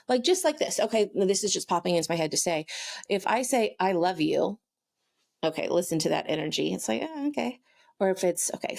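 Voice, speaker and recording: Casting: woman host, low-pitched with a gravelly edge, chatty and informal teacher. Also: a little mellow. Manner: chatty, frequent "like" and "okay", acts out little quoted voices. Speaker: intuitive teacher and podcast host. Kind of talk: casual teaching talk.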